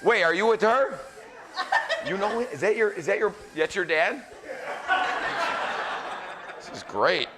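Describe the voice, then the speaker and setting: A chef in his forties, a celebrity host, leads a live cooking demo in a pizza academy kitchen, ribbing the audience and joking between pointers. He speaks high and animated but unhurried, leaving long pauses, and the setting is very noisy.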